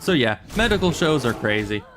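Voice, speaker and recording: A man's voice: mid-range voice, very animated, fairly quick, music in the background. A man streaming a game, chatting casually with rambling, wry asides and frequent self-corrections. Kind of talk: casual gameplay commentary.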